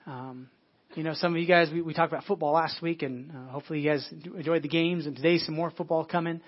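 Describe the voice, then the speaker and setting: A man's voice: on the high side, steady tone, fast. A man preaching a sermon to his congregation in church, often repeating words and restarting. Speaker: pastor. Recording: dull lo-fi sermon audio.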